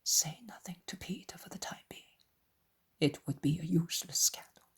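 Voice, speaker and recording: A woman voicing a calm, gentle adult male teacher in an audiobook reading. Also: measured pace. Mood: hushed. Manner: calm and low.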